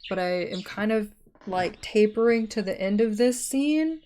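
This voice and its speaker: A young woman streamer hosting writing sprints, talking softly and chatting casually with her viewers. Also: medium pitch, lively intonation, a little slow, slight background noise. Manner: soft-spoken, chatty, friendly with chat.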